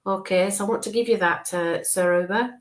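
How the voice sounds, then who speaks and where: A woman in a mid-pitched voice, neither high nor low for a woman, gives a live psychic reading. She talks softly and reassuringly, builds up each image through repetition, and keeps checking in with her listener. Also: steady tone. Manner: describes visions slowly, checks in with frequent okays. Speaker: spiritual medium.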